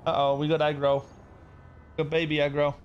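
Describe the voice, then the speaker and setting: A man's voice: on the high side, flat delivery, a little fast, clear, resonant tone, dull audio. A man live-streaming a roleplay game, chatting casually and using playful baby talk. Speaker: streamer and roleplay server owner.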